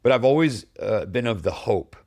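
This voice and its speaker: Pria santai bersuara rendah. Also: male voice, on the low side, animated, moderate pace, a little mellow, dry recording, studio quality. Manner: chatty, many fillers and restarts. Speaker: podcast host. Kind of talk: casual chat.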